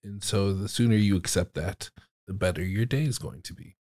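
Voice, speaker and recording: A man's voice: lowish voice, moderate pace, a little mellow, no room sound. A man in his thirties, a program director co-hosting a podcast, talking in dry, wry casual chat. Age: 30s.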